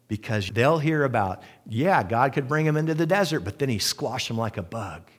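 A middle-aged man preaching a sermon, retelling a story with lively, acted-out quotes. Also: fairly quick, few pauses, breathy edge. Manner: animated storytelling, acting out quoted voices with big pitch jumps.

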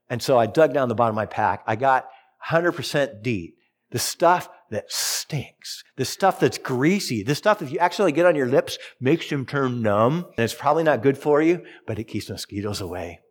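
Animated man preaching a sermon. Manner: storytelling, animated with big pitch swings. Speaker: pastor.

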